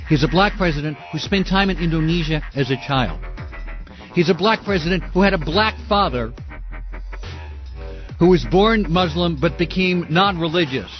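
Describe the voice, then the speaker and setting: A man's voice: high-pitched, muffled recording. A man hosting a call-in radio talk show, arguing with callers and ranting in outrage. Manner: heated ranting, shouts in outrage.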